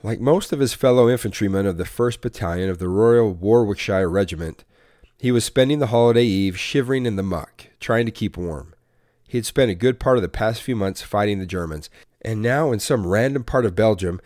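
A man reads a Christian devotional in an earnest, measured way, leaning into key phrases like a preacher. His voice sits fairly low, and the recording is dry and close, with no room sound. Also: darkish tone, no room sound. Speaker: podcast host giving a devotional. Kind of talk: scripted devotional narration.

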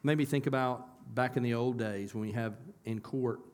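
Man, pastor, church sermon, middle pitch, conversational, asks the congregation questions, repeats words when restarting. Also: fairly even intonation, moderate pace.

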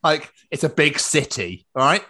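A man co-hosting a casual podcast chat, with a slightly high, very animated voice. He rambles from one tangent to the next and giggles along the way. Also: normal speed, slightly rough. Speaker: podcast co-host.

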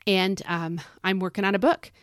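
A woman's voice: fairly low pitch, moderate pace, no echo, studio quality. A middle-aged woman hosting a devotional podcast, preaching in a fervent, folksy, exhorting way. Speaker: podcast host.

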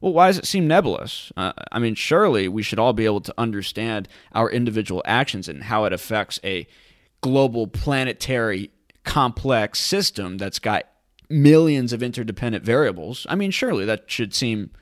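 A man's voice: lowish voice, lively intonation, moderate pace, dry recording, clean studio sound. A man hosting casual commentary in a sarcastic, rambling way. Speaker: host.

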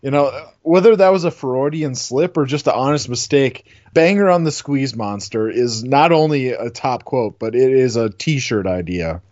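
A man with a mid-pitched voice co-hosts a podcast, eager and animated as he runs through his picks. The sound is dry and close but dull and lo-fi. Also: normal speed, few pauses, no echo. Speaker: podcast co-host. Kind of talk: casual sports-radio chat.

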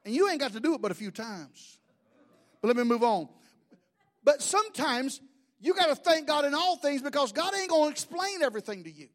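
A man's voice: extremely high pitch, brisk. A middle-aged man, preaching a sermon in a folksy, humorous storytelling way. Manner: folksy, humorous, animated storytelling with mimicked voices. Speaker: pastor.

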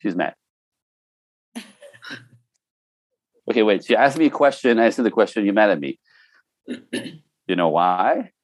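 Animated man with lively pitch. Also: measured pace, long pauses, no room sound. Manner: animated storyteller, mimics voices, laughs often. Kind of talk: casual podcast chat.

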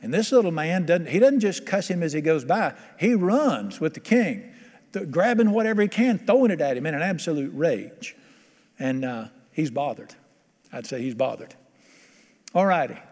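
A man's voice: fairly high pitch, expressive, moderate pace, darkish tone, big-room sound. A man preaching a sermon to a congregation, conversational and often quizzing his listeners. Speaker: pastor.

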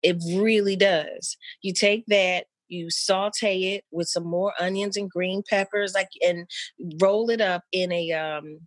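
A mother talking with an old friend in loose, rambling chat, with lots of fillers and lively pitch jumps when she quotes people. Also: a little slow, no room sound, clean studio sound. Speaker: mother of an eleven-year-old.

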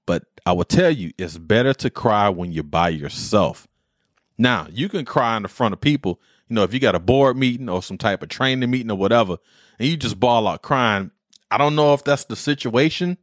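A man's voice: on the low side, animated, moderate pace, no room sound, studio quality. A man in his forties, a podcast host, telling personal stories in a rambling, heartfelt way with military slang. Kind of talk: casual monologue.

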